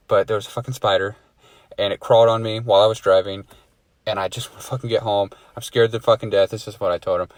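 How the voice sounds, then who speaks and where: A man's voice: fairly low pitch, dry recording. A man telling a story to a friend in a casual chat, swearing freely and laughing at himself. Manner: swears a lot, laughs at his own story.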